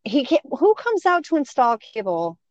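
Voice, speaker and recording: A woman's voice: high voice, normal speed, no room sound. Middle-aged woman, casual storyteller, acts out quotes, muffled close sound. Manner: animated, acts out quoted voices. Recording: dull, dry sound.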